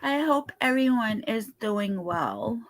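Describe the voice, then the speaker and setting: The tired young woman's voice is a little high and expressive here, with no echo. Yawning through a casual livestream, she chats without hurry and greets each viewer by name.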